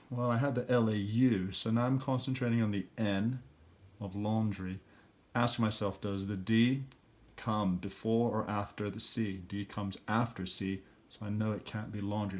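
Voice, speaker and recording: Lower-voiced man teaching step by step. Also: steady tone, a little slow, darkish tone. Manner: thinks aloud step by step, talks to students. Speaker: elementary school teacher. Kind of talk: recorded classroom review lesson.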